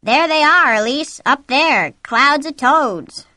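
A woman's voice: fairly high pitch, animated, fairly quick, no room sound, studio quality. A woman voicing a young husband in a read-aloud story who jokes and then swears angrily. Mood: playful. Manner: joking teasing voice turning to angry shouts. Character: man, young husband, wry then furious.

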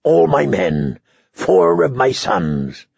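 A man voicing a weary, grim knight who speaks tersely and gravely. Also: medium pitch, huge pitch swings, slow pace, darkish tone, no echo, dull audio, exaggerated voice. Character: weary, grim middle-aged male knight.

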